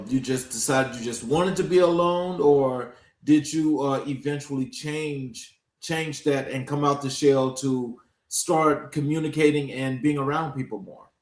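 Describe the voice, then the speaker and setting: A man hosting a podcast interview, asking prepared questions in a measured way. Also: medium pitch, darkish tone. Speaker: podcast host. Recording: roomy echo.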